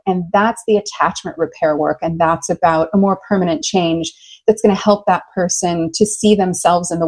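A woman's voice: on the low side, poor audio. Enthusiastic American woman love coach. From United States. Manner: enthusiastic, animated storyteller. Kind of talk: conversational interview.

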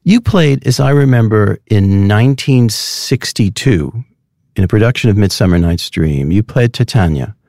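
Guy interviewer, gravelly voice, pitch jumps all over, dry close mic. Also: animated, normal speed, a little mellow, dry recording. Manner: curious, probing questions.

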